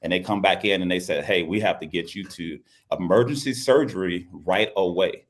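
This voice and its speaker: A man's voice: sits low, normal speed. A middle-aged man from Louisiana, a basketball coach, telling a personal story in an interview in an earnest way, repeating his phrases. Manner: earnest, repeats phrases, acts out quoted speech.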